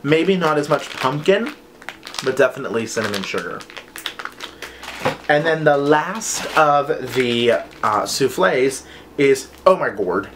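A man's voice: medium pitch, very animated, slow pace, noisy background. Chatty enthusiastic man reviewing scents. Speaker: vlogger reviewing wax melts. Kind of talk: casual haul review.

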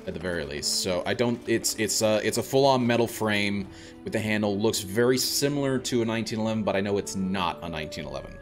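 A man's voice: lowish voice, fast talker, faint music behind. A man streaming a video game, chatting casually and rambling with many restarts and self-corrections. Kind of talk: casual gameplay commentary.

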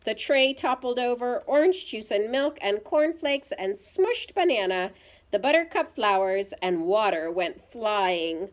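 A woman reading a picture book aloud to young children, pausing to ask them gentle teacherly questions. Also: on the high side, lively intonation. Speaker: storyteller for children.

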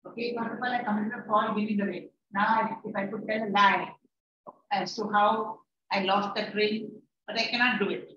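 A woman's voice: medium pitch, fairly even intonation, normal speed. A woman teacher giving a classroom lecture. She paraphrases the lines she reads, repeats herself and scolds her students. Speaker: English teacher. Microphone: distant room mic. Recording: echoey, distant, dull and noisy.

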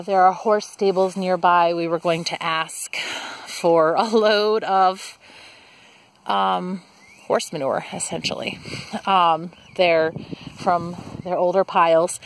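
A woman's voice: on the low side, no room sound. A young woman giving a casual garden tour outdoors, talking into a handheld camera mic, with her breathing audible as she walks. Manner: chatty, enthusiastic about plants. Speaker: garden vlogger.

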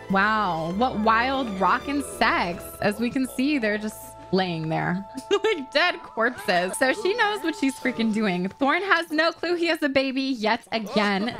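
A woman's voice: on the high side, a bit bright. A young woman giving brash, profane, gossipy commentary while playing a life-simulation game, putting on voices for her characters. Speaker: gaming YouTuber. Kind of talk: let's play commentary.

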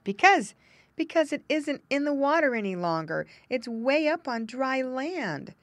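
Woman doing a sad little muskrat guy in a storybook, way higher than her own voice, plaintive. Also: big pitch swings, measured pace, dry recording. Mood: mournful. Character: worried young male muskrat, mournful. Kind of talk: storybook reading.

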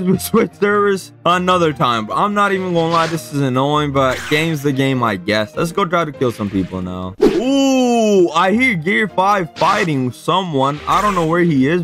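A young man giving live gameplay commentary, excitable, swinging between flat mutters and frustrated shouts. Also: a little high. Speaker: gaming YouTuber. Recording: voice over loud game music. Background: game music.

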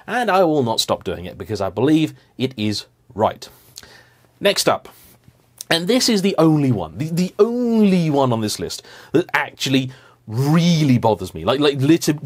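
A man hosting a car vlog, giving an animated, emphatic, playfully indignant rant to camera. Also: mid-range voice. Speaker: car vlogger host.

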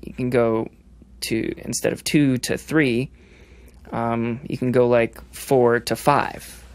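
A man's voice: mid-range voice, steady tone, takes it slowly, clean tone, dry recording. A young man, a drummer on a podcast, explaining rhythm ideas, singing the beats aloud and restarting his sentences often. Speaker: drummer guest.

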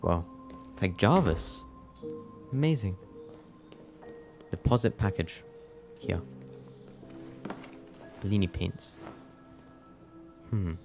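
A man's voice: low voice, expressive, slow, creaky, long pauses. A young man giving casual let's play commentary, muttering wry reactions to a game. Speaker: gameplay commentator. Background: game music.

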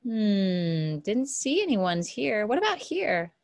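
Woman, kindergarten teacher, online lesson; lively sing-song pitch, unhurried pace, sounds out letters for small children.

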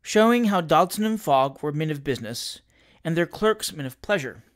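Brief: male reader narrating a classic novel, higher voice, measured and expressive. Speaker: audiobook reader.

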